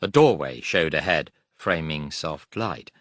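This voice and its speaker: Male audiobook narrator: low, forceful voice, measured dramatic delivery, dry studio sound. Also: lively intonation, dry recording.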